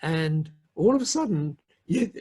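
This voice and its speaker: Husky middle-aged man telling a story. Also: on the high side, animated, a little slow, dark tone. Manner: rambling with many restarts and fillers, laughs often. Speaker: podcast guest, entrepreneur. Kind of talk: casual conversational storytelling.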